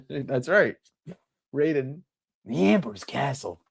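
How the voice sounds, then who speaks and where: A man's voice: on the high side, animated, a little slow. A man hosting a comic sale livestream in casual sales chat, rambling with lots of fillers.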